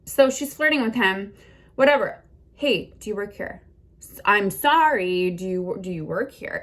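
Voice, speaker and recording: A middle-aged woman vlogging a defensive rant, blunt and indignant, swearing a lot. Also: mid-range voice.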